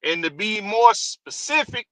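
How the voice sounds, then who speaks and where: Hyped male host, high voice, dry close sound. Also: animated, a little slow, pushed and bright, no room sound, low-quality recording. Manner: hyped, drawling, repeats phrases. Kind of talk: casual livestream show opening.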